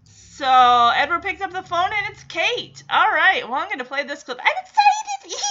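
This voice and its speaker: A chatty, excitable woman hosts a reaction video, casually recapping a scene and laughing as she goes. Her voice is high and bright, and the recording sounds dull and lo-fi. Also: moderate pace, slight background noise.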